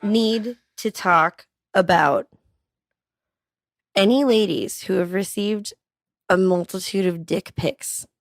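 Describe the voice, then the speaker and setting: A woman's voice: medium pitch, takes it slowly, long pauses, no room sound, studio quality. A woman guesting on a podcast, blunt and sarcastic, swearing casually.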